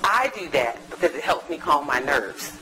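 A woman academic giving a lively, chatty talk to a live audience in a university lecture room, teasing the listeners as she goes. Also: low voice, moderate pace, slight background noise, rough recording. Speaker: guest lecturer, academic psychologist.

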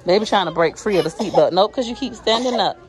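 A woman's voice: mid-range voice, lively intonation, quick pace. A woman, chatting to viewers on a casual shopping vlog in a store, recorded on a handheld phone. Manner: chatty, addresses viewers directly. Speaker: vlogger.

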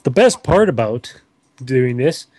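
A man's voice: mid-range voice, big pitch swings, slow, darkish tone, no room sound. A young man hosting a casual chat while gaming, rambling goofily and bantering with a friend. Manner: goofy, rambling, silly banter. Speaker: channel host.

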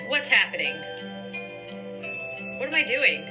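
A woman's voice: on the high side, very animated, unhurried, long pauses, over music, low-quality recording. A woman giving goofy, chatty commentary while playing a pretend doctor game, laughing often. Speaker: gaming YouTuber.

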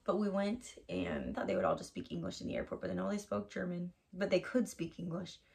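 American woman, thirties, casual vlog storytelling, gravelly fry in the voice. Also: lowish voice, very animated, brisk, darkish tone. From United States. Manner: chatty storytelling, lots of "like". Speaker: vlogger. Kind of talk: casual travel vlog chat.

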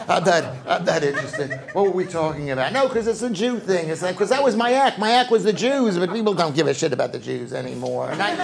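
A middle-aged man with a thick New York accent works a club stage, rambling and deadpan, repeating himself. His voice sits high and swings all over the place. A loud crowd roars with laughter behind him. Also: fast, vocal fry, hardly any pauses. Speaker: stand-up comedian. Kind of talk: live stand-up routine. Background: audience laughter.

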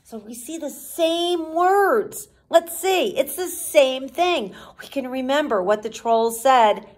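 A woman teacher reads a storybook aloud to children at an unhurried, slow pace. Her pitch swings widely and she keeps coaxing the listeners with questions. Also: lively intonation.

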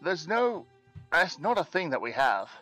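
A man's voice: on the high side, big pitch swings, unhurried, sharp tone, soft background music, full character voice. A man voicing a cheerful, earnest adventuring band recruiter, breaking into giggles, as improvised game character voicing. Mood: upbeat.

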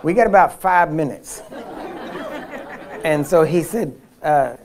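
With some chatter in the background, a man with a rather high voice preaches slowly at a healing seminar. He tells personal stories in a lively way, often laughing and starting over mid-thought.

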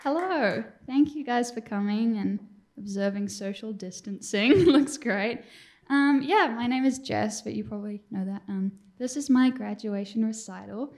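A woman's voice: fairly high pitch, normal speed, darkish tone. A young woman speaking casually to her recital audience, introducing her songs in a chatty way with lots of fillers. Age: young adult. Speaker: student giving her graduation recital. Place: recital stage.

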